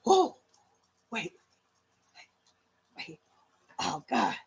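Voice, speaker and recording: A woman's voice: a little high, a little slow, slightly rough. A woman in her fifties from Louisiana with a Southern accent, chatting casually to her viewers on a home livestream. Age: 50s. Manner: animated, talks straight to viewers as "y'all". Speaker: livestream vlogger.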